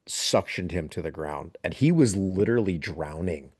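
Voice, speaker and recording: Deep-voiced man telling a war story. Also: moderate pace, breathy edge, no room sound, studio quality. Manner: animated, laughs through his story. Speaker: military veteran guest. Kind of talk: casual storytelling on a podcast.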